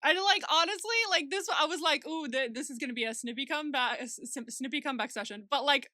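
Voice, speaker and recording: A woman with a high, bright, forceful voice, chatting casually as a podcast co-host. She reacts bluntly and swears freely. The sound is dry and close. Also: quick pace, dry recording. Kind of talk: casual recap chat.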